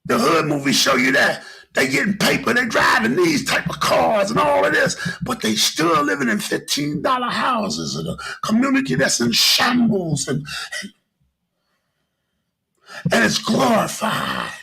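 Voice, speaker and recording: A middle-aged man hosts a podcast, riffing in an animated, preachy way and circling back over his points. His voice is high, very gravelly and husky, with a bright, forceful edge, and it swings widely in pitch. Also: a little slow, rough recording. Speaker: podcast host. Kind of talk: casual podcast monologue.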